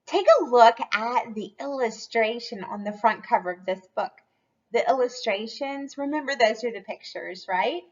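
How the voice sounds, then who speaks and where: A woman's voice: a little high, moderate pace, lo-fi sound. A woman curriculum specialist reading a storybook aloud to children in a cheerful, encouraging lesson. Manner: cheerful, encouraging teacher talk.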